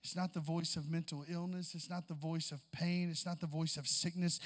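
A man preaching a sermon in an impassioned way, building toward near-shouts and calling out to the congregation. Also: on the high side, little pitch movement, brisk, hardly any pauses, in a large hall.

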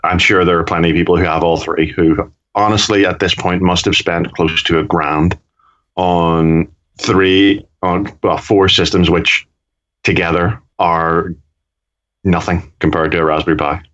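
A Northern Irish man with a very deep voice chats loosely on a podcast, wandering through his points and correcting himself as he goes. The sound is a little dull and lo-fi. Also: fairly even intonation, a little slow, a bit bright. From Northern Ireland. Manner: rambling, self-correcting. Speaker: podcast co-host. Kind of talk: casual chat.

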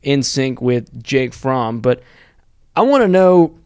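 Smooth-voiced young man breaking down football. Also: mid-range voice, slow pace, no echo, studio quality. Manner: steady, thinks aloud in long run-on points. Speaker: student sports podcast co-host. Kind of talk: sports analysis chat.

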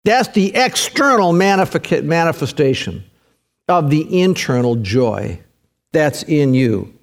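A man's voice: fairly high pitch, expressive, a little slow, creaky. A middle-aged man preaching a sermon with emphatic delivery, repeating key phrases for weight. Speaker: pastor.

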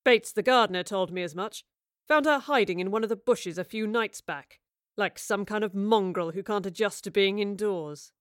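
A woman voicing a pompous, menacing gentleman who growls and scoffs, in an audiobook. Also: mid-range voice, normal speed, no room sound, clean studio sound, natural voice. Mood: scornful. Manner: scornful, growling, derisive. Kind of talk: audiobook character voice.

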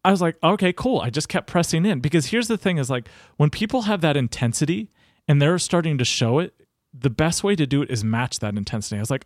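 A man's voice: a little high, expressive, quick pace, no echo. A man in his thirties, a coaching guest, talking casually and animatedly. He swears freely and plays out the dialogue in his stories. The recording is dry and close. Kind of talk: casual storytelling interview.

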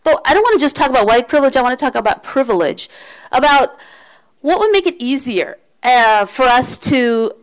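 A woman's voice: high-pitched, expressive, brisk, low-quality recording. A woman with an American accent giving a candid talk to an audience, conversational, with restarts and asides. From United States. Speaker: speaker.

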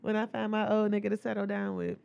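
A woman's voice: medium pitch, completely flat delivery, fast talker, creaky, darkish tone, dull audio. A woman co-hosting a podcast in loose, profane casual chat, laughing often as she retells stories. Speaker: podcast co-host.

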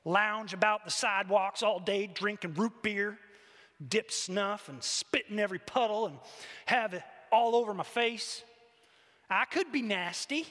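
A man voicing an indignant, self-righteous older woman who growls and rants loudly at God. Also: high voice, unhurried. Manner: growling, ranting, loud. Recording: long hall reverb.

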